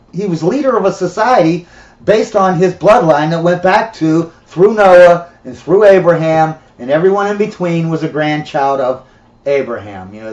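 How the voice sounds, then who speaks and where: Male preacher, comic storyteller, rambling and laughing, slightly high voice, roomy lo-fi audio. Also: a little mellow. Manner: rambling, laughing, filler-heavy. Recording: dull, roomy recording.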